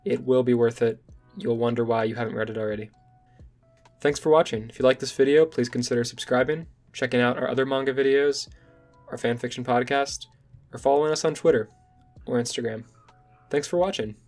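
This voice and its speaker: A man's voice: medium pitch, steady tone, fast, a little mellow, soft background music. A young man recapping and recommending a manga in a casual, enthusiastic vlog. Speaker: manga reviewer.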